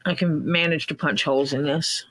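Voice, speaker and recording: A woman's voice: sits low, steady tone, brisk, a bit bright. A woman hosting a leatherworking livestream, chatting casually and rambling through stories with quoted back-and-forth. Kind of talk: casual chat.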